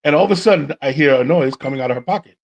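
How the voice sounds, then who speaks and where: A man's voice: on the high side, very fast, rough recording. A man hosting a podcast, telling a dating story in casual chat and acting out both sides of the dialogue. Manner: animated storyteller who acts out dialogue. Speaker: podcast host.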